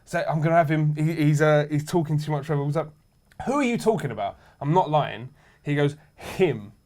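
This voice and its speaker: Lively man telling a story. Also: on the high side, brisk. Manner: lively, laughs through his own story. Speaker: podcast co-host. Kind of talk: casual storytelling chat.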